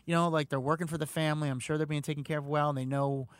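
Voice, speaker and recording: A man telling stories in a casual chat, animated and acting out the people he quotes. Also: very fast, smooth, dry recording. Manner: animated, acts out quotes with big pitch jumps.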